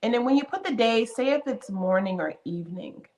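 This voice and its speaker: A woman's voice: on the high side, lively intonation, fairly quick, a little mellow. A woman in her fifties hosting a live stream, chatting casually and greeting viewers one by one by name. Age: 50s. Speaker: livestream host.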